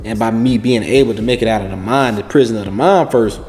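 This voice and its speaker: Earnest man speaking with slang, low voice, reverberant room. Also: quick pace, darkish tone, slight background noise. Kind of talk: reflective talk.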